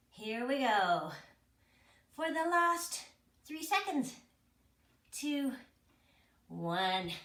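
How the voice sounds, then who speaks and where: High-voiced woman leading a workout. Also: fairly bright tone. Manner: chatty, self-mocking, counts down and cues moves. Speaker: fitness instructor. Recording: echoey room, mic at a distance, noisy.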